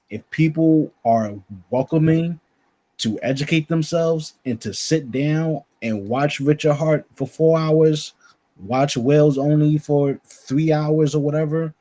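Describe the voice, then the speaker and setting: A man's voice: on the high side, warm tone. A man on a casual crypto talk show, speaking in an earnest, reflective way. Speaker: co-host.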